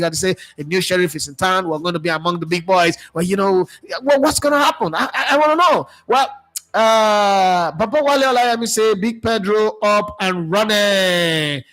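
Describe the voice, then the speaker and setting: In a fairly high, slightly bright voice, a sports talk host runs a casual live football show. He reads viewer comments aloud and tosses in sarcastic, chatty remarks with lots of fillers.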